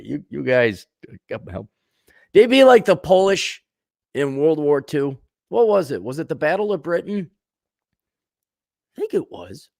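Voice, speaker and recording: A man's voice: medium pitch, vocal fry, no echo, studio quality. Blunt, sarcastic male commentator. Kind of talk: ranting commentary.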